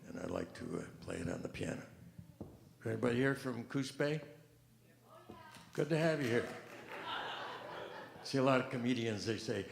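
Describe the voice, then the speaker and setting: A man doing rambling stand-up comedy with a deadpan delivery, recorded live on stage. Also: fairly low pitch, gravelly, noisy background. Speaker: comedian and pianist. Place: large event hall on stage. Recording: echoey hall, live stage mic.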